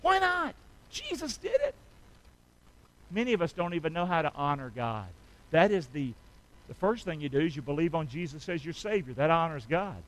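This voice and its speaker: A man's voice: on the high side, very animated, fairly quick, a bit bright, rough recording. A middle-aged man preaching a sermon as pastor, calling out to the congregation for amens and answers. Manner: call-and-response preaching, asking the congregation for amens.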